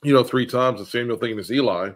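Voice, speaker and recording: Man, bible study leader, casual group discussion, animated, mid-pitched. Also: fast talker. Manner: animated, acts out quoted characters.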